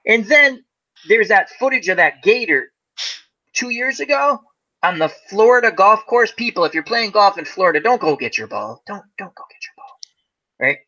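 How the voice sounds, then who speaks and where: The host, a man with a high-pitched voice at a normal pace, recounts a long story by the fire in a casual, animated style. He performs the voices of those involved and laughs frequently; the audio is lo-fi and muffled.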